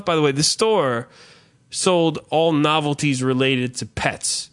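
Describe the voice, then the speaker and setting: A man rants through a comic story on a podcast, swearing freely and rambling. His voice sits a bit high for a man. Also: slow. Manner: profane, rambling, animated rants. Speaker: podcast host. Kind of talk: casual comedic storytelling.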